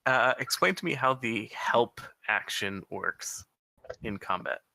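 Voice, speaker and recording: A man's voice: medium pitch, measured pace, sharp tone, no echo. A man playing a tabletop game, asking about the rules in a hesitant way. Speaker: player. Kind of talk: casual tabletop game chat.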